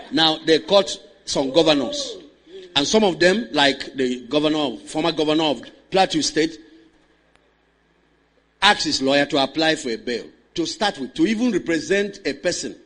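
A man with a fairly high-pitched voice preaches a sermon, moving between loud, impassioned declarations and hushed storytelling. He calls on the congregation to respond.

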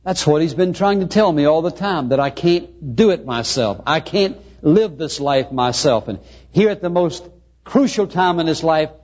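A man preaching a sermon, swinging between quiet asides and emphatic rising lines. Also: on the high side, husky. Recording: dull lo-fi recording.

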